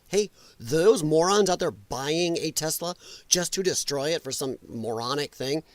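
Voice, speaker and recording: Male podcast host, heated and crude, mocks opponents in put-on voices; slightly high pitch, dry booth sound. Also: expressive, measured pace, dry recording. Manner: angry, profane, mocking impressions. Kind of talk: political commentary rant.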